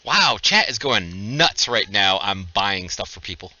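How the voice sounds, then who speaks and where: Bright-voiced joking game master. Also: male voice, on the low side, expressive, dry recording, lo-fi sound. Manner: casual, joking, brisk instructions. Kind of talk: narrating a livestreamed tabletop game.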